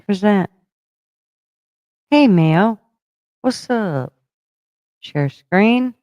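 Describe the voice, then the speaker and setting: Male livestream host, rambling and profane, smooth tone in a dead-dry space. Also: high voice, expressive, extremely slow, a little mellow, no echo, low-quality recording. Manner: rambling, thinks aloud while fumbling with stream setup; blunt and profane, mock-scolding chat. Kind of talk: casual livestream chat.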